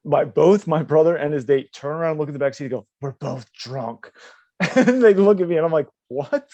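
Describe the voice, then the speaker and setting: A young podcast co-host with a warm, somewhat high voice talks fast as he tells rambling, profane stories and laughs. The show is casual, and the dull, lo-fi audio carries no room sound.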